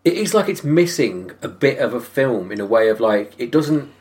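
Lively man chatting about films. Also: medium pitch, normal speed. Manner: lively, chatty, laughs often. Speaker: podcast co-host. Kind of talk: casual film chat.

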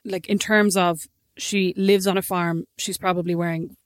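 A woman with an Irish accent in a casual chat, opinionated and animated as she reacts to a film trailer. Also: on the low side, moderate pace, dry recording, clean studio sound. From Ireland.

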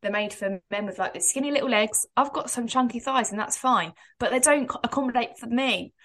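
A woman's voice: on the high side, a little fast, a bit bright. A woman, co-hosting a podcast in a rambling, chatty way and laughing often. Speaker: podcast co-host. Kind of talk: casual chat.

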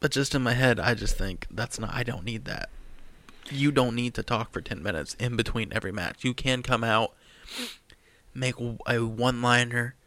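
A man's voice: medium pitch, moderate pace, a bit bright. A young man from the United States co-hosting a podcast, ranting sarcastically in casual chat. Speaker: podcast co-host.

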